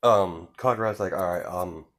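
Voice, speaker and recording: A young man with a low voice retells a fan-made story in a loose, casual way. He rambles, restarts his sentences and leans on fillers, quoting the characters in his own plain voice. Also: normal speed, fairly bright tone. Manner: quotes characters without doing voices.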